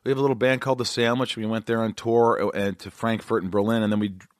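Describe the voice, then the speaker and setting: A man's voice: fairly low pitch, little pitch movement, fast, dry recording, studio quality. An American man in his forties hosting a podcast, joking around casually and mimicking people in his anecdotes. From United States. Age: 40s. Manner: joking, playful, mimics other voices in anecdotes. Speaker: podcast host. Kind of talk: casual chat.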